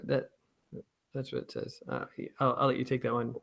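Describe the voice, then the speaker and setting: Gravelly twangy man reading questions. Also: mid-range voice, sing-song, normal speed, a bit bright. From Pittsburgh, USA. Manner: rambling, playful, stumbling.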